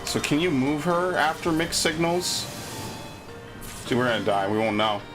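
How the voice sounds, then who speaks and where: With music playing behind him, a man streams his gameplay and chats casually, irritated and frequently profane. He talks at normal speed in a fairly high, expressive voice.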